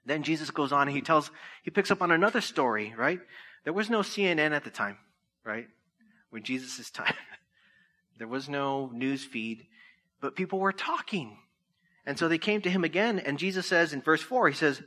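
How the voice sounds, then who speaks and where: A man preaching a sermon in a conversational way, often checking in with his listeners with "right?" and dropping soft and slow when he quotes. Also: fairly high pitch, animated. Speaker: pastor.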